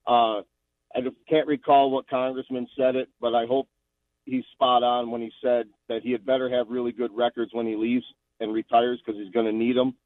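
A man's voice: medium pitch, little pitch movement, moderate pace, dry recording. A man calling in to a radio show, ranting angrily and sarcastically with repeated phrases. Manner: angry, sarcastic, repetitive. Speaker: caller. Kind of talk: call-in radio rant. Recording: tinny phone line.

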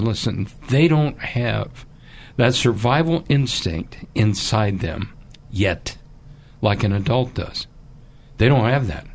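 A man with a somewhat low voice makes an impassioned fundraising appeal. He tells his story haltingly and emotionally, and then presses his listeners with urgent pleading, beneath a faint hiss of background noise. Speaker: charity appeal guest.

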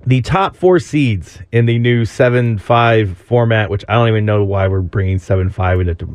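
A man's voice: fairly low pitch, moderate pace, clean tone, dry recording. A man hosting a sports talk show, chatting casually, joking around and wandering off topic. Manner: joking, rambling, easily sidetracked. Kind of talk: casual banter.

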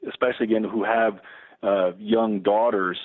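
A man's voice: lowish voice, steady tone. A middle-aged man, a Lutheran campus pastor, talking earnestly as a radio guest, often restarting his sentences. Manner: earnest, halting with many restarts. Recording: tinny phone line.

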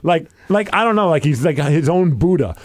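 A man's voice: fairly high pitch, normal speed, dry recording. A man hosting a podcast, telling a long anecdote in casual chat, full of filler words and restarts. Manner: animated storyteller, lots of filler words. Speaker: podcast host.

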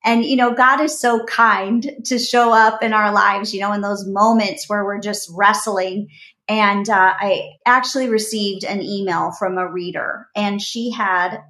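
A woman's voice: medium pitch, fairly even intonation, measured pace, sharp tone. A middle-aged woman, a guest author, telling a heartfelt story in an earnest, faith-based podcast conversation. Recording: roomy echo.

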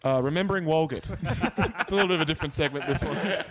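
A man hosting a podcast, playful and jokey, quick to laugh. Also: fairly high pitch, loud music behind the voice. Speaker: podcast host. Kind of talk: casual podcast chat.

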